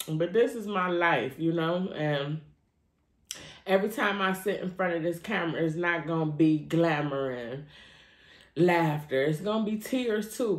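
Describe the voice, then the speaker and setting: A woman talks slowly and heartfelt into her camera, crying at times. Her voice sits a bit low and carries an echoey room around it. She cusses casually. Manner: slow, heartfelt, cussing casually. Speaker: vlogger. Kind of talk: tearful personal vlog.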